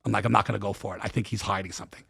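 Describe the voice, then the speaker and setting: A middle-aged podcast guest races through a frank story in a low, creaky, husky voice. He swears and uses plenty of slang, animatedly performing the lines of the people involved.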